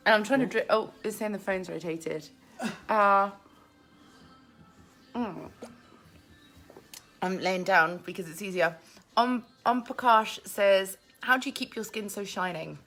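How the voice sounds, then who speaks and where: An English woman with a mid-range, fairly bright voice speaks at a measured pace with long pauses, faint music playing behind her. She's a vlogger hosting a casual live Q&A from home with family, holding her phone in hand, chatting, reading viewer comments aloud and laughing often.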